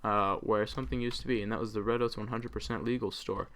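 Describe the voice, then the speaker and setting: A man with a lowish, smooth and clear voice talks casually through his gameplay as a let's play host. He rambles along and fills the gaps with plenty of ums and uhs. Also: fairly even intonation, quick pace, a bit bright.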